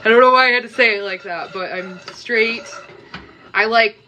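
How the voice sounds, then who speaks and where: A woman's voice: fairly high pitch, normal speed, background noise. A woman live-streaming from her kitchen, chatting casually with viewers and playfully scolding them as she cooks. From Canada. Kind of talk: casual live-stream chat while cooking.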